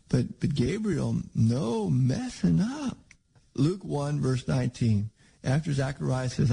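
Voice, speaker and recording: A man's voice: a little high, expressive, normal speed, gravelly, mellow, husky, rough recording. A man preaching a sermon in a conversational, rambling way with frequent restarts.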